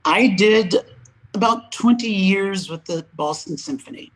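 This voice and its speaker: An older man speaks as a guest opera singer in a relaxed interview. He tells his stories with animation, slips into the voices of the people he quotes, and laughs often. A faint hum sits behind him. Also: sits high, unhurried, rough recording. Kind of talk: casual interview chat.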